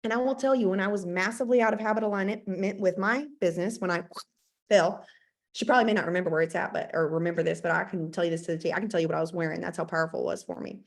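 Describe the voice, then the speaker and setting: A woman's voice: fairly low pitch, steady tone, racing. A woman in her thirties giving a motivational talk about business habits, emphatic and repetitive with playful asides. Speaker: network marketing team leader.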